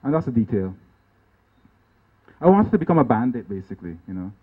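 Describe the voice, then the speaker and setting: Halting man, tinny lo-fi sound. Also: mid-range voice, very animated, husky. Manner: halting, many restarts, tag questions. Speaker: artist giving a talk. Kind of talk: informal lecture over slides. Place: lecture venue. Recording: tinny, phone-like band-limited sound.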